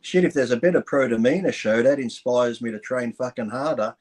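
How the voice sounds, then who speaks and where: A man, a retired pro bodybuilder, chatting casually in a relaxed, rambling way and swearing now and then. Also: medium pitch, brisk. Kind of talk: casual chat.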